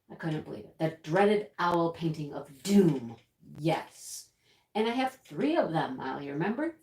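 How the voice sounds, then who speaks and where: Slow, chatty woman in an echoey room. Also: mid-range voice, a little mellow. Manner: chatty, rambling, reads chat aloud, laughs often. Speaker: livestream host. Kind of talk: casual livestream chat.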